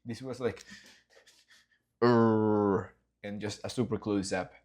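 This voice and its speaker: Here an animator runs through his storyboards a little fast, his fairly low voice carrying a breathy edge. He's lively and enthusiastic in this casual behind-the-scenes vlog, acting out scenes with sound effects and swearing.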